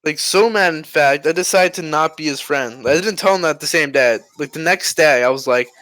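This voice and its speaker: A man's voice: a little high, moderate pace, hardly any pauses, a bit bright, no echo, poor audio. A teenage boy telling a rambling story to friends on a casual podcast, laughing and acting out voices. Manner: rambling, laughs often, acts out quoted voices. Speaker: podcast co-host.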